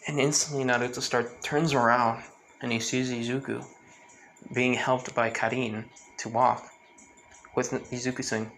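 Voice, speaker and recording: A man narrates an improvised fan story in a mid-pitched voice. He rambles, loops back on himself and fills gaps with fillers, with a faint hiss behind him. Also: little pitch movement, unhurried, a bit bright, low-quality recording.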